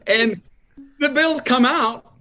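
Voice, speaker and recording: A middle-aged man, a podcast guest, telling a long story with lively, drawn-out delivery. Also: extremely high pitch, a little hiss or hum. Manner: lively, drawn-out storyteller who acts out scenes. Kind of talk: animated storytelling in a podcast chat.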